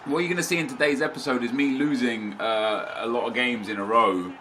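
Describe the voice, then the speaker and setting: A man's voice: mid-range voice, brisk, fairly bright tone, a little hiss or hum. A young man hosting his gaming channel from his home office, chatting casually to camera with a slightly stuffy nose, rambling with lots of restarts and asides.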